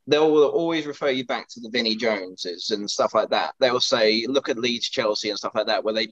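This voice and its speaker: A man co-hosting a podcast, speaking earnestly and rambling through his points with frequent restarts. His voice sits on the low side, and the recording is dull and lo-fi. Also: a bit bright. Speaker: podcast co-host. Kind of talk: casual podcast chat.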